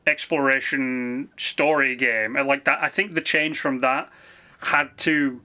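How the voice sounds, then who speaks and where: A man's voice: medium pitch, fairly even intonation, pushed and bright. A man streaming a video game, chatting casually and rambling with frequent swearing. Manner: rambling, swears freely, quick asides. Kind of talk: casual live-stream chat.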